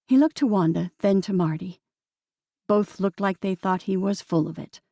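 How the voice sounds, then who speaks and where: A woman narrates an audiobook calmly and steadily. Her voice is gravelly and mellow, with a dry, close sound. She keeps an even, middle pitch throughout. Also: normal speed, dry recording. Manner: calm, steady storytelling. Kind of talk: scripted narration.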